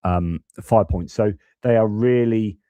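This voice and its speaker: Male live-stream news commentator, low dark voice, off-the-cuff, self-correcting. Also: a little slow, no echo. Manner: unscripted, restarts and corrects himself, reads then explains.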